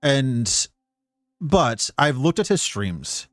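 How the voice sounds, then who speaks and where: A man's voice: medium pitch, big pitch swings, very slow, dry recording, clean studio sound. A Scottish man giving casual live-stream commentary, rambling and profane, with many restarts.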